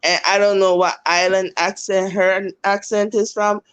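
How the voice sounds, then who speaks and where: A woman from Jamaica on a casual live-stream chat, talking in an animated, rambling way. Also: medium pitch, unhurried, a loud crowd.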